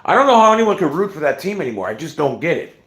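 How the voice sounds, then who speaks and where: A man's voice: on the high side, big pitch swings, fast, fairly bright tone. Blunt rambling man on a livestream. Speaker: livestream host. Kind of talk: casual livestream rant.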